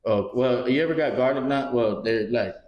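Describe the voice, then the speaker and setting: A man's voice: mid-range voice, normal speed, dull audio. Guy on a podcast telling a story, swears a lot, does the voices, roomy echo. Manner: animated storyteller, acts out dialogue, swears freely. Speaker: podcast co-host. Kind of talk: casual storytelling chat.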